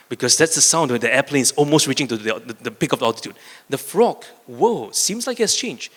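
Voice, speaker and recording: A man's voice: a little high, fairly bright tone. Earnest male coach in echoing hall. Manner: earnest, repeats words when restarting. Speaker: conference speaker, coach. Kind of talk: keynote talk with storytelling. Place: large conference hall. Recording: reverberant conference hall.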